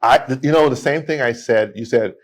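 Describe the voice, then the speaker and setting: A man, a podcast guest telling stories in a lively way with many restarts. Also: medium pitch, brisk. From United States. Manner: animated storytelling with many restarts. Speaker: guest, immigration attorney. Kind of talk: casual podcast conversation.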